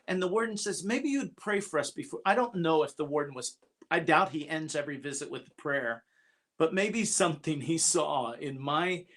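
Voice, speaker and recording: Earnest man telling a halting story. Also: on the high side, a bit bright. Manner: halting, often repeats opening words; earnest, confessional. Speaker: guest speaker at a church. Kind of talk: personal storytelling.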